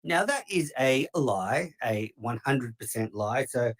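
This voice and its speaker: A man's voice: medium pitch, expressive, slow. A man hosting a call-in show, sarcastic and mock-polite. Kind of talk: live call-in show talk.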